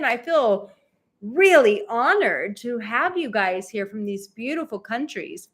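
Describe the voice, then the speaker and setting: A woman's voice: a little high, expressive, slow, a bit bright. A woman who coaches on dating, hosting a livestream and talking straight to her viewers. Her manner is effusive and emotional, and she gushes with gratitude.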